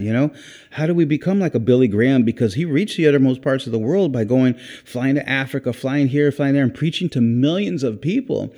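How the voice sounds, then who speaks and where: A man preaching in an informal, earnest way, his voice mellow and warm. He rambles and restarts his sentences, repeating words as he goes. Now and then he drops in a quiet "praise God.". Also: mid-range voice, fairly quick. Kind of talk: informal sermon.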